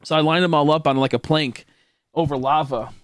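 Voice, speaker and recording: A man's voice: on the high side, fairly even intonation, brisk, no room sound. Rambling laughing streamer guy, dry sound. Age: late 20s. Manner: rambling, laughing, swearing, stammered restarts. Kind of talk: casual livestream chat.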